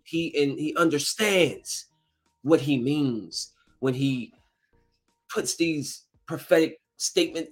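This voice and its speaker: A man casually retelling a movie's plot in a rambling, animated way, acting out the characters' lines as he goes. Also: on the high side.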